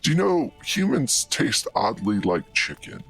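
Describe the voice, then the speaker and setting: A man voicing a sinister tentacled dream creature in a low, guttural, taunting voice. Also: sing-song, a little slow, gravelly, a bit bright, husky, faint music behind, exaggerated voice. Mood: menacing taunts. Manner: taunting, menacing.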